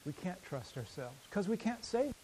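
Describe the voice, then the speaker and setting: Preacher guy, slightly high voice, gets loud then drops real quiet, reads verses slow. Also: big pitch swings, slight background noise, poor audio. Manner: dynamic, swings from loud emphasis to quiet intensity; reads scripture aloud slowly. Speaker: pastor. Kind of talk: sermon.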